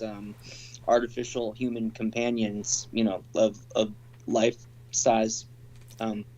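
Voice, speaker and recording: A man in a casual talk show conversation who cuts in and speaks haltingly. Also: mid-range voice, a little mellow, rough recording. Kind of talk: casual chat.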